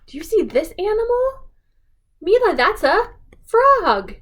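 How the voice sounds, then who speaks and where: Woman, children's storyteller, high voice, swooping sing-song, coaxing questions. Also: big pitch swings, slow, a bit bright. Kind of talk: reading a picture book to a child.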